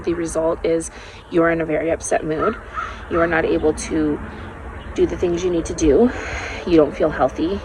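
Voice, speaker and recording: Earnest woman with a lowish voice. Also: a little hiss or hum, low-quality recording. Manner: earnest, candid storytelling. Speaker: mother sharing faith testimony. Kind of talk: casual personal testimony vlog. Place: outdoors, sitting on a trampoline in a yard.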